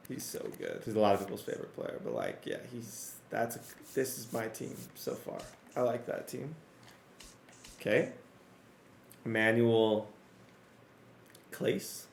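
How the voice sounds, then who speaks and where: A man doing casual commentary on a sports video game, excitable and talking straight to his viewers, his voice strained and cracking. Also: on the low side, creaky, reverberant, slight background noise. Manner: excitable, talks to viewers, rattles off player names. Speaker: gaming YouTuber.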